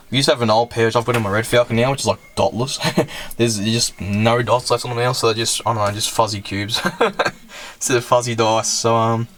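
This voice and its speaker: A man's voice: medium pitch, slight background noise. A young Australian man, a car channel host, chatting casually and rambling as he shows off a classic car, filming from inside it on a handheld camera. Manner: rambling and chatty, loses words, laughs often. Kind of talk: casual car walkaround vlog. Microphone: handheld camera mic.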